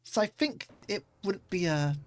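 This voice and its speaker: A woman's voice: medium pitch, expressive, moderate pace, dry recording. A woman streamer chatting casually as she plays, rambling a little with fillers. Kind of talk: casual gaming stream commentary.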